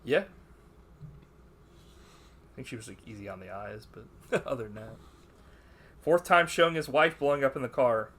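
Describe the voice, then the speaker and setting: A man's voice: mid-range voice, normal speed, pauses often, fairly bright tone, breathy edge. A man co-hosting a podcast, reviewing a film in casual banter, swearing a lot and doing mocking impressions of the characters. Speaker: podcast co-host.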